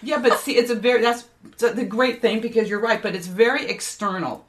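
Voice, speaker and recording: A woman's voice: on the high side, brisk, background noise. An older woman who is a parenting coach, talking as a guest in a casual podcast conversation and telling stories with emphatic energy. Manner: animated, emphatic storyteller.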